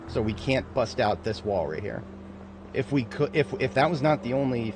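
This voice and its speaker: A man's voice: lowish voice, lively intonation, normal speed, noisy background. A man casually commenting on his own gameplay, muttering to himself and often swearing. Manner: swears a lot, flips from mumbling to angry yelling. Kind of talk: casual let's-play commentary. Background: game music and sounds.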